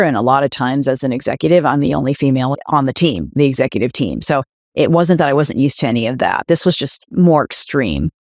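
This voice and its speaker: A woman's voice: a bass voice, no room sound, clean studio sound. A middle-aged woman executive, a guest in an interview, speaking emphatically and asking rhetorical questions. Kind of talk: candid interview conversation.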